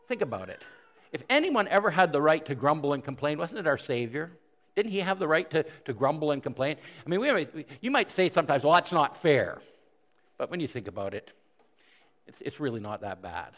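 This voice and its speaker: Guy preaching a sermon, earnest, repeats himself, mid pitch, big echoey church. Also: fairly bright tone. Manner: earnest, with frequent word repeats and rhetorical questions. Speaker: pastor. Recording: long hall reverb.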